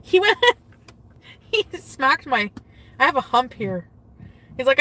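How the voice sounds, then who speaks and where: A woman's voice: high-pitched, sing-song, takes it slowly, bright, forceful tone. A woman social media influencer chatting casually on a livestream, rambling with lots of fillers, trailing off and speaking bluntly with some swearing. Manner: blunt and profane. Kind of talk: casual livestream chat answering viewer questions.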